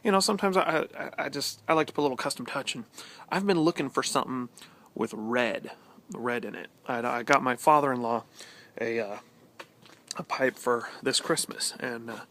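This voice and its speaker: A man's voice: medium pitch, normal speed, a bit bright, slight background noise. A man chatting casually to camera as a vlogger, rambling and sarcastic, with many fillers and restarts. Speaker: pipe-smoking vlogger.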